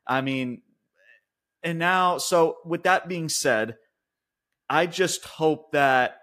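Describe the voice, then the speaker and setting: Dude ranting about wrestling, cusses a lot, kinda high voice, loud then low. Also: male voice, slow pace. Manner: profane, ranting, swings from loud outbursts to mutters. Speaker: podcast co-host. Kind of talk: casual wrestling review chat.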